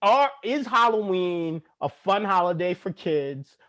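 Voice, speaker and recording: A man from Brooklyn, New York, co-hosting a podcast as a father of young kids, talking bluntly with plenty of swearing and quick laughs. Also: sits high, expressive, a bit bright. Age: adult father of young kids. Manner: blunt, profane, laughs easily. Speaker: podcast co-host. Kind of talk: casual chat.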